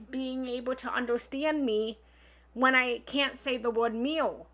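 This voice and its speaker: A woman calling herself a spiritual love coach gives a self-help coaching talk on a livestream, blunt and emphatic, occasionally swearing. Her high-pitched voice moves at a measured pace, swinging between loud bursts and soft asides.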